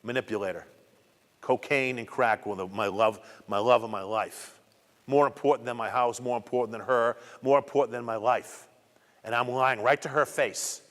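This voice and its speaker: A middle-aged man visiting as a guest speaker tells students his personal testimony, driving points home through repetition. His mid-range voice is a bit bright and moderately paced, echoing with long reverb in a community program hall.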